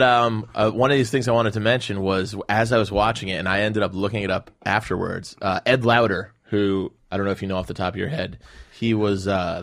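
A man co-hosting a podcast in casual chat, relaxed, often trailing off softly and laughing along. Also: fairly low pitch, creaky. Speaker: podcast co-host.

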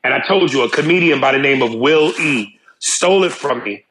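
Male podcast co-host with a mid-pitched voice, blunt and teasing, reading mail in casual chat. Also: lively intonation, brisk, fairly bright tone, a little hiss or hum, rough recording. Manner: teasing, blunt, reads listener emails aloud.

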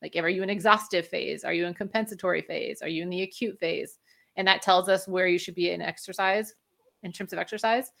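A woman's voice: on the low side, steady tone, brisk, creaky, a bit bright. A woman guest speaking as a functional medicine practitioner, explaining in a conversational way and laughing often. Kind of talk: conversational interview.

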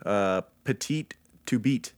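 A man's voice: fairly low pitch, slow, no room sound. A man co-hosting a podcast in casual chat, reading listener reviews aloud in a laid-back way. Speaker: podcast co-host.

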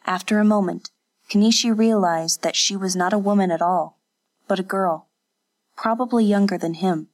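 A woman narrating an audiobook in an even, unhurried storytelling manner. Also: medium pitch. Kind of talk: scripted narration.

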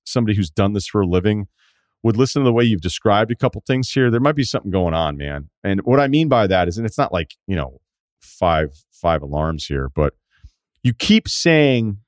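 A podcast host in his forties talks through a listener's problem in a blunt, emphatic, rambling way. His voice sits a bit low. The studio mic sounds dry and close. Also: lively intonation, brisk, no room sound. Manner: blunt, emphatic, conversational with many asides. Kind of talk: casual advice chat.

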